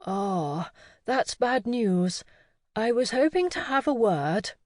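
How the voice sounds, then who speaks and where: Woman reading as a courteous upper-class old gentleman. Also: a little high, animated, slow pace, dry recording, studio quality. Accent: upper-class British. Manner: polite and formal. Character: tall bearded upper-class older gentleman.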